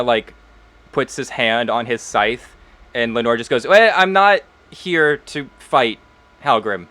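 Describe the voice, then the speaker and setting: A man's voice: medium pitch, fairly bright tone. Guy gm narrating a tabletop session, super casual, lots of uhs and kindas. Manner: casual, with many fillers like uh and kinda. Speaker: game master.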